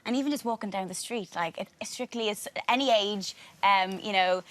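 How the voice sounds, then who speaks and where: An Irish woman chatting in an interview, breathless and quick to laugh. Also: medium pitch, dry recording. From Ireland. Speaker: show contestant. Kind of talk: casual interview chat.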